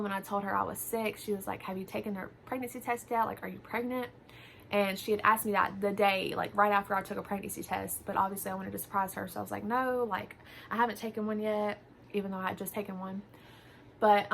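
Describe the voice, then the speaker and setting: A woman's voice: mid-range voice, gravelly, a bit bright, slight background noise. A young woman vlogger telling a personal story in a casual, chatty way, full of fillers and quoted dialogue. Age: young adult.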